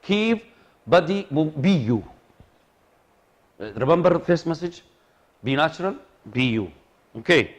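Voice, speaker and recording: Animated male lecturer. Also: a little high, measured pace, pauses often. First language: Arabic. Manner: animated, repeats himself, asks the audience for agreement. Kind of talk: classroom lecture on presenting.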